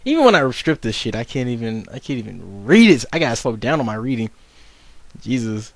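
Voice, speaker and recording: Young man, swingy animated pitch, rambling, profane, self-mocking, stumbling restarts, dry close sound. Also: fast talker, dry recording. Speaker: video commentator. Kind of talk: casual unscripted commentary.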